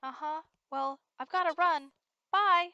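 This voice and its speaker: A woman's voice: extremely high pitch, unhurried, pushed and bright, no echo, highs cut off, voice pushed up, heavily acted. A woman voicing a frightened, timid teenage schoolgirl while reading game dialogue aloud, with anxious, breathless pleading. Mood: gentle.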